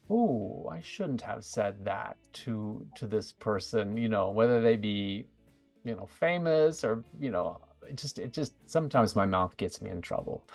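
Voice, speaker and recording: A middle-aged American psychic medium appears as a guest on an interview show, talking casually and rambling, full of fillers, restarts, and self-corrections. His voice is on the low side, in a dry recording.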